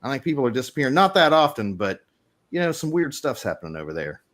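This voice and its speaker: A man's voice: medium pitch, sing-song, quick pace, a bit bright. A man playing a chatty small-town reporter. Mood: gossipy. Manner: chatty, rambling, conspiratorial. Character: gossipy middle-aged male small-town newspaper reporter. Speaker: game master. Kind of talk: in-character tabletop role-play.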